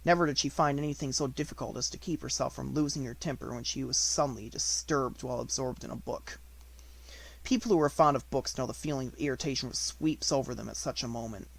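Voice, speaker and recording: A man narrating a children's classic in an even, measured reading. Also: medium pitch, gravelly, husky. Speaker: audiobook narrator. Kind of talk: unabridged audiobook reading.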